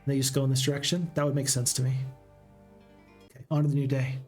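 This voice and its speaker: A man's voice: mid-range voice, little pitch movement, quick pace, darkish tone, soft background music. A man hosting a gaming channel, giving casual play-by-play commentary on a strategy game, chatty and thinking aloud.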